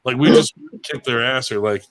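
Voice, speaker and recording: A man in the middle of an evening chat, telling crude, rowdy stories with heavy swearing and his own laughter breaking in. His voice sits at an ordinary pitch. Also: normal speed, a bit bright. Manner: crude, profane, laughing storyteller. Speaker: show regular. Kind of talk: casual chat, storytelling.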